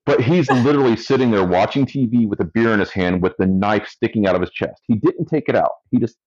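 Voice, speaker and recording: Man, very deep voice, casual work story, dry humor, muffled dull audio. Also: fast talker, husky. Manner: relaxed, dry storyteller who laughs at his own story. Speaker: firefighter paramedic guest.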